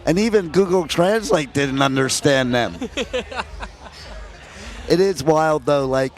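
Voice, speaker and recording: A talkative American man with a slightly raised pitch, chatting with a band at an outdoor festival. He jokes freely and laughs between his stories. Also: takes it slowly. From New York and New Jersey. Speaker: interviewer. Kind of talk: casual festival interview.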